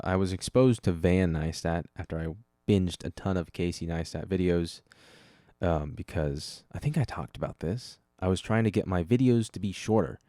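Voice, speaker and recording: A man's voice: low voice, dark tone, no echo, studio quality. A young man hosting his own podcast alone, rambling casually, breaking off his own thoughts and swearing offhand. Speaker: podcast host. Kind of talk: casual solo podcast chat.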